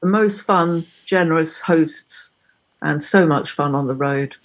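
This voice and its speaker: A woman, a singer-songwriter guest, chatting casually in an interview and telling lively stories with frequent laughs. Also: low-pitched, measured pace. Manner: lively storyteller, laughs often.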